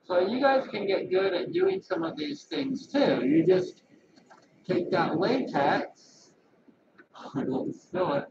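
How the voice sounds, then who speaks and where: Speaking slowly with vocal fry and a very high voice, this man, a massage therapist, chats to his home webcam in a loose vlog. His talk wanders, lively and full of folksy remarks. The webcam picks him up from afar, echoey and lo-fi, over heavy background noise.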